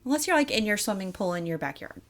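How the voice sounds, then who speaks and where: A woman co-hosting a casual podcast, playful and quick with agreeing interjections. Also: medium pitch, big pitch swings. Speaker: podcast co-host. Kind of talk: casual chat.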